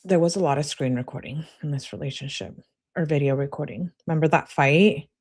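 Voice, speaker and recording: A woman's voice: sits low, a little fast, a little mellow, slightly rough, no room sound, clean studio sound. A woman giving casual true crime commentary in a blunt, sarcastic way, reading out text messages.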